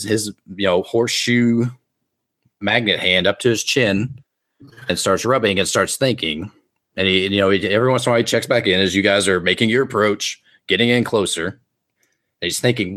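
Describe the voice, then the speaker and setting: A man's voice: lowish voice, fairly bright tone. A man narrating a comedic tabletop game as game master, rambling and amused.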